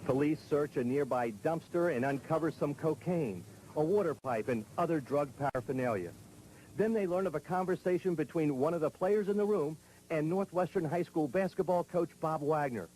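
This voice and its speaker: A man narrating a television news report in a measured, grave, scripted delivery. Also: a little high, darkish tone, slight background noise, low-quality recording.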